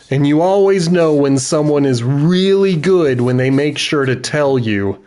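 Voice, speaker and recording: Slow-talking chatty middle-aged man. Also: fairly high pitch, expressive, a little mellow. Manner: chatty, laughs often, self-correcting. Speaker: streamer. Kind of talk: casual gameplay commentary.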